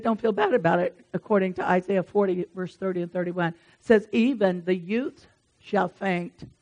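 A woman preaching a conversational sermon in an earnest, encouraging and folksy way, with asides to her congregation. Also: mid-range voice.

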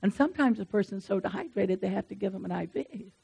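A woman's voice: mid-range voice, lively intonation, quick pace, gravelly, dark tone, slightly rough. A woman preaching a conversational sermon in an earnest, encouraging and folksy way, with asides to her congregation.

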